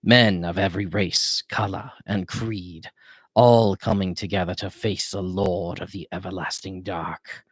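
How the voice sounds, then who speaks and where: A man voicing a weary, mournful old male wizard in audiobook narration, speaking slowly and heavily. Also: deep voice, steady tone, breathy edge, no room sound. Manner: slow, measured and heavy. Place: home.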